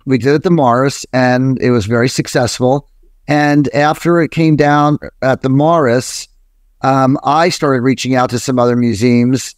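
A man's voice: mid-range voice, a little mellow, no room sound. A man in his sixties from New Jersey, a guest on a podcast telling long, rambling stories full of fillers and restarts, with the odd swear word. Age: 60s. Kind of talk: casual interview storytelling.

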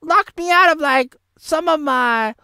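A high-voiced woman rambles through a chaotic comedy review vlog, giggling, repeating herself and slipping into silly voices. Her tone is bright and edgy. The sound is dry and close to the mic. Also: a little slow, no echo. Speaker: vlogger reviewing a film.

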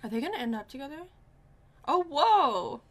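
A woman's voice: high-pitched, sing-song, normal speed. A young woman commenting casually on a show she is watching, emotional and exclaiming, often talking to herself. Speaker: reaction video host.

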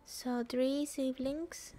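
A woman's voice: high voice, steady tone, drawn-out words, dark tone. A woman streaming a video game, emotional, with whispered gasps and exclamations. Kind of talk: game commentary.

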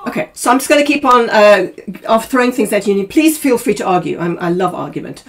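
A woman coaching opera singers in a masterclass, probing and quick, humming snippets of the music as she talks. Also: medium pitch, lively intonation. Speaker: vocal coach.

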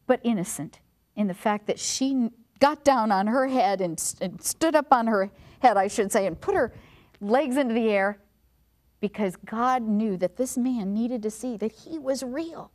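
A woman hosting a devotional talk, an expressive storyteller who sometimes drops to a soft hush for emphasis. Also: fairly high pitch. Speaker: devotional and health segment host.

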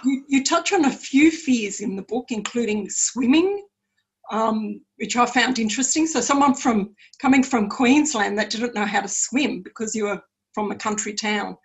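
A woman's voice: a little high, moderate pace, poor audio. A woman hosting a book podcast, asking casual questions and laughing along with her guest. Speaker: podcast host. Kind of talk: casual interview.

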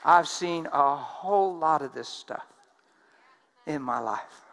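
A man preaching a sermon, telling stories with emphasis and swinging from loud outbursts to hushed tones. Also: fairly high pitch, slow, a faint crowd. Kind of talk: sermon storytelling.

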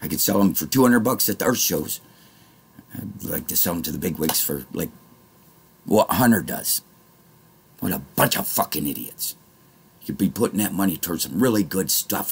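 A man vlogging a rambling monologue to his viewers, swinging from low muttering to angry shouting and swearing often. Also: animated, moderate pace, vocal fry, long pauses, husky.

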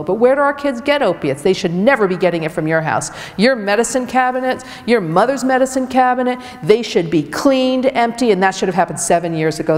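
A woman's voice: mid-range voice, darkish tone. A woman physician giving a direct, emphatic public health lecture to a community audience. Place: community event hall. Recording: long reverb of a hall.

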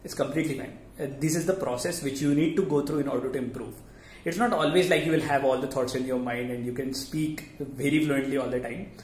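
A man's voice: medium pitch, quick pace, slight background noise. A man gives a casual spoken lesson on presenting, earnest and often restarting his sentences. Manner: earnest, repeats himself, many restarts. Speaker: teacher giving presentation tips. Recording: roomy echo.

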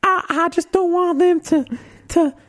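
A man voicing a frightened Southern-belle wife in a high falsetto with a put-on Southern accent. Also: steady tone, a little slow, a bit bright. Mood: fearful.

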